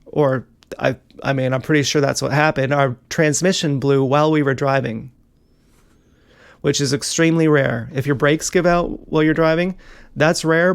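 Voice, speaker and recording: A man's voice: on the high side, fairly even intonation, normal speed, vocal fry, smooth. A young man talking in a rambling, agitated monologue, swearing often and jumping between worries. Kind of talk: casual monologue vlog.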